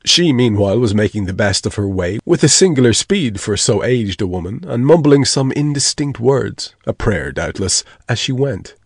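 A man reads a story aloud with a deliberate storytelling delivery. His voice sits at an average pitch in a dry, close recording. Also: expressive, vocal fry, breathy edge, no echo. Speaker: narrator. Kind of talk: scripted narration.

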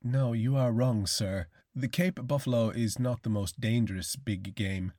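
A man voicing a cultured, courteous older aristocrat hunter with a quietly menacing edge, speaking slowly and deliberately in an audiobook reading. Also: medium pitch, no room sound, studio quality, lightly acted. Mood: suave, menacing. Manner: slow, measured, courteous delivery.

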